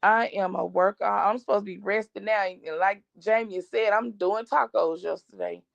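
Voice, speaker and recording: With a steady, creaky mid-range voice at a moderate pace, a middle-aged woman on a family channel chats to viewers through a long story, quoting others' words as "I said, he said." The stream audio is dull, lo-fi and dry.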